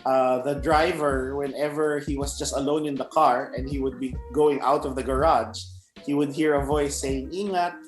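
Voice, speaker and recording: A man's voice: mid-range voice, little pitch movement, moderate pace, over music. A man with a Filipino accent, a guest on a podcast, telling stories casually while mixing English and Tagalog. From Philippines. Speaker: guest, comic book creator. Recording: roomy echo.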